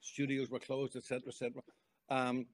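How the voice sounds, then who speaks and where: A man's voice: medium pitch, monotone, fast talker. Chatty older man. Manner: chatty, storytelling, warm exclamations. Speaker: guest songwriter. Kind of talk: casual interview chat.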